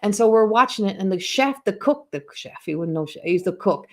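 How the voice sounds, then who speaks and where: A woman spiritual coach talks casually on a live stream at a mid-range pitch. She wanders through personal stories and often restarts her sentences. It sounds like an everyday home webcam recording. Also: lively intonation, a little fast. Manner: rambling, storytelling, frequent restarts.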